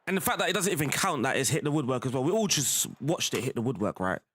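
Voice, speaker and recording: A man's voice: mid-range voice, expressive, fast talker, a bit bright, slightly rough, no room sound. A young man, chatting casually while playing a football management game, laughing often and calling the viewer "bro". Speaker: gaming streamer.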